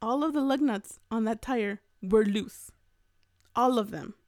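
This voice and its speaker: Woman, young adult, fairly high voice, animated storyteller, casual podcast chat, dry close sound. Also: a little slow, dry recording. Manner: animated, acts out quoted voices with big pitch jumps. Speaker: podcast co-host.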